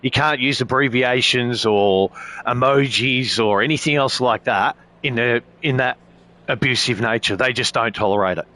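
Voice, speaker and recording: A man's voice: mid-range voice, moderate pace, bright, forceful tone. A man chatting casually as a sim racing streamer, rambling with heavy swearing and frequent filler phrases. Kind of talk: casual chat.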